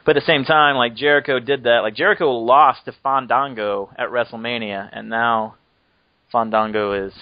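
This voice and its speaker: A man's voice: medium pitch, steady tone, moderate pace, no echo, lo-fi sound. A man hosting a podcast, chatting casually and joking around, laughing often as he rambles. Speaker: podcast host. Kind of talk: casual chat.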